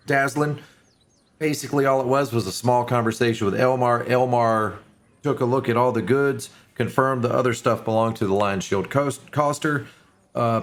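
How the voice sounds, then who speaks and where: A man's voice: mid-range voice, slight background noise. A man narrating a tabletop game as game master, loose and self-mocking, with many fillers.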